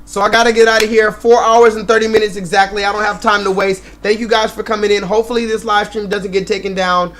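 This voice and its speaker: A man's voice: high-pitched, level tone, fast talker, few pauses, a bit bright, slight background noise. A man hosting a live stream, ranting and swearing in loose commentary, repeating himself and laughing often.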